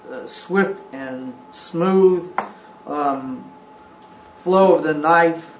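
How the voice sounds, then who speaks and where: A man teaching a scripture class. He talks haltingly, with frequent ums and restarts. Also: a little high, a little hiss or hum. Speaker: religious teacher. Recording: roomy, dull recording.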